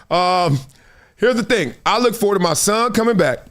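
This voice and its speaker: A man hosts a sports talk show with an emphatic, animated delivery and frequent laughs. His fairly high voice swings widely in pitch as he drives his points home. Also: brisk. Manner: animated, emphatic, acts out quotes, laughs often. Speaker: sports podcast host. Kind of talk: animated sports commentary chat.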